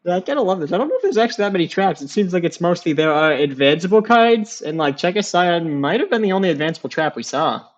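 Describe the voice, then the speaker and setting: A man's voice: high-pitched, animated, fast talker, hardly any pauses. A man giving casual, chatty colour commentary alongside the main caller at a card game tournament.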